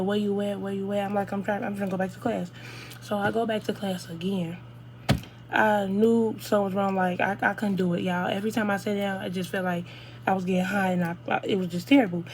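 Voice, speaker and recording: A woman's voice: medium pitch, a little hiss or hum. Young woman rambling through a storytime. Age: young adult. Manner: rambling, animated retelling with slang. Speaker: vlogger. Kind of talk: casual storytime.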